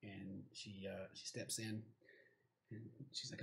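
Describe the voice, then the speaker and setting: A man's voice: on the low side, flat delivery, slow pace, vocal fry, fairly bright tone. A man narrating as game master of a tabletop game, rambling with lots of fillers.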